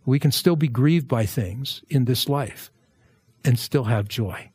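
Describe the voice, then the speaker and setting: A male pastor preaching a verse-by-verse sermon in a conversational way, with jokey asides and lively emphasis. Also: medium pitch, takes it slowly, breathy edge, no echo.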